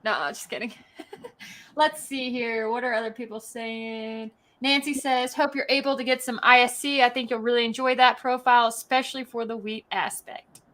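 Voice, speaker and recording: Bubbly woman host, high bright voice, jokey, reads chat comments aloud over a laptop mic. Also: steady tone. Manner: bubbly, joking, quick to laugh. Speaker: show host. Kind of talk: casual live-stream interview, reading viewer comments.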